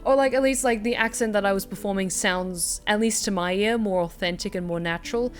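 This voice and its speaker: A woman voice actor chats casually while she plays a game on stream at home. She is reflective and self-deprecating, with a mid-range voice. Game music plays clearly behind her words. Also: medium pitch, brisk. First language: not originally American. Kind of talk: casual gameplay commentary.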